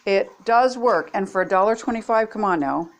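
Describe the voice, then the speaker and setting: A woman's voice: mid-range voice, moderate pace, a little hiss or hum. An older woman chatting homily to viewers as she tests kitchen gadgets at home. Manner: chatty, homey, talks to viewers while demonstrating. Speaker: product-testing vlogger. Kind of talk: casual kitchen product demo.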